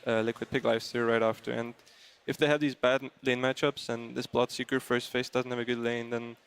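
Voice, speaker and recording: A man's voice: mid-range voice, flat delivery, brisk, creaky, smooth. Hesitant, thoughtful esports pundit man. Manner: thoughtful, hesitant, many uh fillers. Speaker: panel analyst. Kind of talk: panel discussion.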